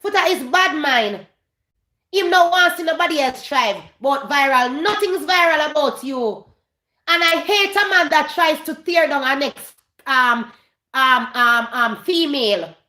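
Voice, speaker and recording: A woman with a Jamaican accent hosts a gossip commentary vlog in a high, sharp, expressive voice, speaking a little slowly in a reverberant space. She's emphatic, repeats her points, and slips in and out of Patois.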